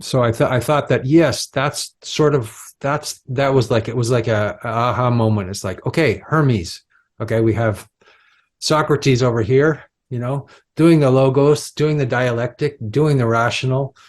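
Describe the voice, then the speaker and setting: Male podcast co-host, reflective, halting speech with many restarts. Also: mid-range voice. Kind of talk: casual philosophical conversation.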